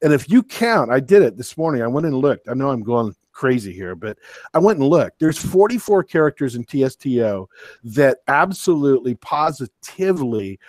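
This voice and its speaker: A man's voice: medium pitch, sing-song, moderate pace, darkish tone, dry recording. A man co-hosting a podcast chat, worked up and ranting emphatically. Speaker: podcast co-host. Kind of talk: casual chat.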